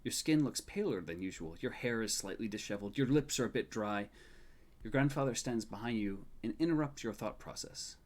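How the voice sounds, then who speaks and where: Soft-spoken male game master narrating. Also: lowish voice, lively intonation. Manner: soft, measured, dropping quiet at sad moments. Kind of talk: scripted tabletop narration.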